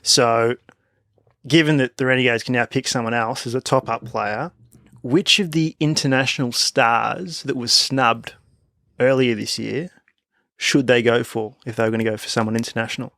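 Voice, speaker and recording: A man's voice: medium pitch, steady tone, creaky, fairly bright tone, dry recording, studio quality. Rambling man asking questions. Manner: rambling, restarts, quick agreement. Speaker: podcast co-host. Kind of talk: casual banter.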